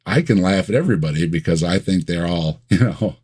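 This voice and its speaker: A man chatting as a guest on a livestream, his voice low and a little husky. He talks in a wry, unhurried drawl and stretches out his points with dry asides. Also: expressive, a little mellow. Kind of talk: casual livestream chat.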